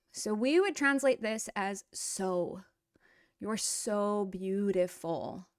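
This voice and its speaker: A woman's voice: medium pitch, fairly bright tone, no echo, clean studio sound. A woman giving a casual, chatty language lesson with lots of fillers and an upbeat manner. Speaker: Russian language teacher.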